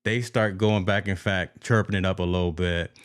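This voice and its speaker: Deep-voiced man hosting sports talk. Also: normal speed, dry recording, clean studio sound. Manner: animated storytelling, addresses listeners as folks. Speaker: podcast host.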